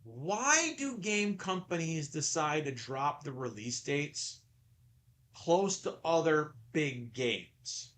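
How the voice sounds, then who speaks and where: Male podcast host, casual and rambling, stammers a lot, slow delivery, bright tone. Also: on the high side, expressive. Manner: rambling, stammers and repeats words. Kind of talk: casual chat.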